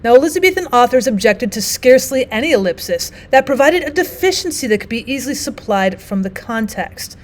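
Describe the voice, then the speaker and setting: A woman's voice: fairly high pitch, expressive, fairly quick, few pauses. A woman teacher narrating a recorded language arts lesson, explaining and reading quotes aloud with emphasis.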